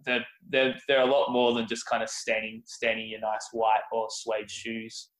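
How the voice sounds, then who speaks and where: A man's voice: lowish voice, completely flat delivery, normal speed, fairly bright tone, rough recording. Laid-back man chatting. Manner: laid-back, joking, many fillers. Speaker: podcast guest, cooking contestant. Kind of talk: casual chat.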